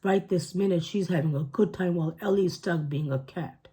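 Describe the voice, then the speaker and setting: A woman's voice: on the low side, normal speed, dark tone, breathy edge. A woman reading a storybook aloud, voicing a friendly, boastful little male mouse. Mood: cheerful.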